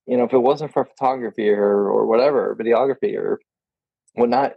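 A man's voice: mid-range voice, fairly quick, creaky, dry recording, muffled recording. A man in a casual podcast conversation, chatty and enthusiastic, often quoting himself.

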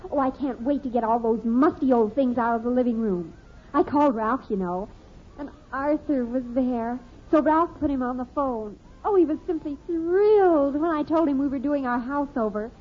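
An actress playing an excitable, gushing teenage daughter in a radio sitcom. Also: female voice, high-pitched, normal speed. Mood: eager. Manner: breathless and enthusiastic. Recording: muffled old 1950s radio broadcast.

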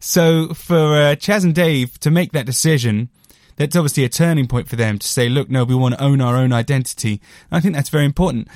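A man's voice: mid-range voice, fairly quick, a little mellow, dry recording, studio quality. A British man hosting a casual music monologue, rambling and self-deprecating with lots of fillers. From Britain. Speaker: podcast host reviewing albums.

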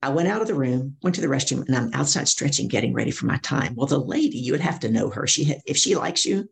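A middle-aged woman with a gravelly edge to her voice tells stories as an interview guest. She talks with vivid energy and acts out the people she quotes. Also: extremely low pitch, quick pace. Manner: animated storyteller acting out quoted voices. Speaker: guest speaker and coach. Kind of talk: storytelling interview.

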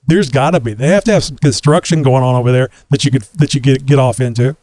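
A man's voice: mid-range voice, fast talker, darkish tone, no room sound. A man from Texas hosting a casual podcast interview, chatty with frequent laughs and fillers. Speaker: podcast host.

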